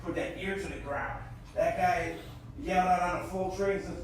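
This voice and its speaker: Stand-up comic, man in his thirties, very high voice, animated delivery with mumbled asides, heard a bit off-mic in a booming echoey room. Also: moderate pace, distant mic. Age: 30s. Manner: animated, bursts into shouted character voices. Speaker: stand-up comedian. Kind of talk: stand-up comedy set. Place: comedy festival stage.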